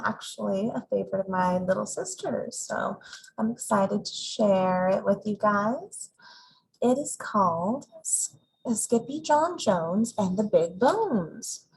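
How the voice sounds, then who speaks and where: A woman's voice: mid-range voice, vocal fry, slight background noise, poor audio. A woman hosting a casual story time, reading a picture book aloud and stumbling now and then over hard names. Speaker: storytime host.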